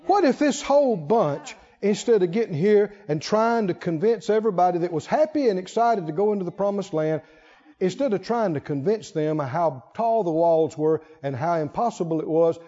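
A man preaching a sermon, animated, acting out quotes and shouting at the peaks. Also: sits high, normal speed, muffled recording.

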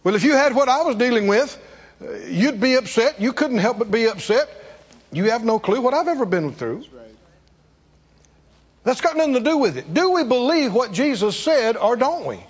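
A male preacher, preaching with rhetorical questions and sudden swings between soft and loud. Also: very high voice, very animated, normal speed, slightly rough. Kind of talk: sermon. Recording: dull, echoey hall.

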